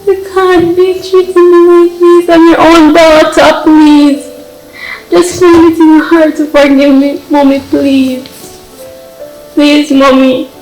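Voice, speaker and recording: A woman's voice: high voice, level tone, slow pace, a little mellow, echoey room, far from the mic, soft background music, rough recording. An actress playing a young daughter who tearfully begs her mother for forgiveness. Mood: pleading. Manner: pleading and tearful. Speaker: actor in a drama. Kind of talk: film drama acting.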